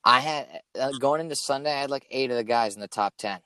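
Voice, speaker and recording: A young man in casual chat, swearing often and telling stories with animated energy. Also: medium pitch, quick pace, a crowd in the background. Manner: swears a lot, animated storytelling.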